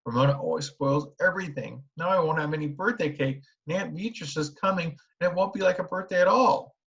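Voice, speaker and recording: A man voicing an upset schoolgirl big sister, high and loud in a dull lo-fi recording. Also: fairly quick, creaky. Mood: angry, tearful.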